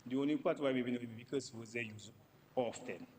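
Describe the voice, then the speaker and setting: A man's voice: mid-range voice, fast talker, a little mellow, big-room sound, slight background noise, rough recording. A man giving a parliamentary debate speech, emphatic and repeating words for stress. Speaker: member of parliament. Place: parliament chamber.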